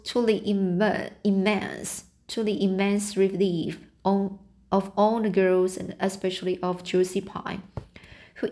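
Slow, halting woman audiobook reader. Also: medium pitch, darkish tone. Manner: slow, halting, frequent restarts. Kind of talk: reading a novel aloud.

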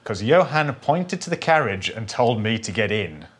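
Male co-teacher, mid-pitched voice with lively ups and downs, casual explainer. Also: moderate pace, breathy edge. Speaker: English teacher. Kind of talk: conversational lesson explaining vocabulary.

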